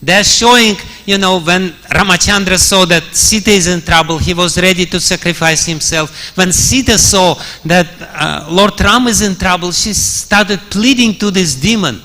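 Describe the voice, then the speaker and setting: A man's voice: a little high, a little slow, pushed and bright. A man preaching a scripture story in a temple hall, chuckling often and using many fillers. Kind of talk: storytelling sermon.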